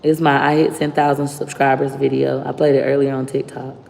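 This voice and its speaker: A woman's voice: very deep voice, level tone, fairly quick, vocal fry, darkish tone, a little hiss or hum. A woman streamer talking to her viewers in a blunt, profane, fired-up way. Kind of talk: casual live-stream rant. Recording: roomy echo with long reverb.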